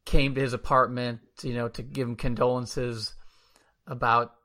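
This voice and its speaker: A man in casual podcast conversation, quick and animated as he walks through scenes and asks questions. His voice has a bright, tense edge at a middle pitch. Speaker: podcast co-host. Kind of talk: casual movie review chat.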